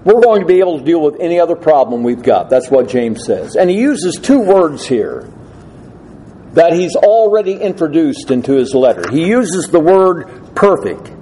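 A man's voice: on the high side, sing-song, normal speed, mellow, a little hiss or hum, poor audio. A male preacher giving an earnest, emphatic expository sermon laid out in numbered points.

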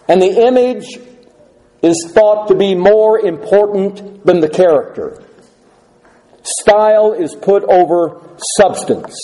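Earnest preaching man, high and mellow. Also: animated, rough recording. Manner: earnest, measured preaching with rhetorical questions. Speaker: pastor. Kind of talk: sermon.

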